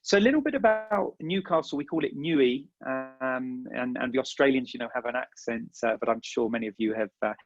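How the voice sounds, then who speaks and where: A man's voice: mid-range voice, fast, hardly any pauses, no room sound, faint music behind. A man with an English accent giving a casual virtual presentation about a university, chatty and full of ums and uhs. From England. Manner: chatty, repeats words, many filler ums and uhs. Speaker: university recruiter. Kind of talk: virtual info session presentation. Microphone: video call. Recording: dull lo-fi video call audio.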